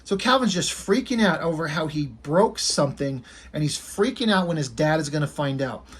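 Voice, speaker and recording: A man's voice: on the high side, expressive, normal speed, a little hiss or hum. A man casually retelling comic strips in loose, rambling talk that slips into offhand swearing. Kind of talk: casual storytelling.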